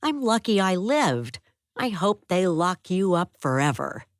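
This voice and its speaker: A fierce young woman with a sweet, high voice, put on by a woman narrating an audiobook. She sounds sharp and accusing. The reading is close and dry, with a raised pitch over a naturally low voice. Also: sing-song, a little slow, dry recording. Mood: furious.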